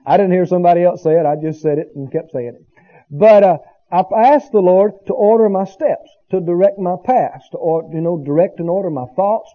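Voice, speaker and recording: A pastor with a high-pitched voice preaches a sermon, captured on a muffled recording. He builds to emphatic bursts and asks the congregation for agreement in call-and-response asides.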